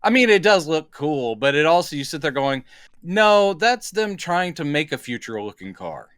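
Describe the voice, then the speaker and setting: A man's voice: on the high side, very animated, moderate pace, a bit bright, clear, resonant tone, no room sound. A man co-hosting a podcast, chatting casually and rambling as he retells movie scenes. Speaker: podcast co-host. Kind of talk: casual movie review chat.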